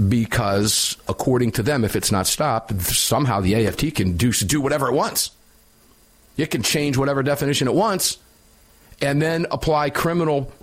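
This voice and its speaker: A man hosting a talk radio show, opinionated and sarcastic, chatting casually with a co-host. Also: mid-range voice. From United States. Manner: opinionated, sarcastic, laughs while mocking.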